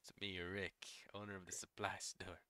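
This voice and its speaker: A man voicing a laid-back stoner shopkeeper with a slow drawl. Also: low voice, little pitch movement, crowd noise, pitched below the performer's own voice, natural voice. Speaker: shopkeeper figure.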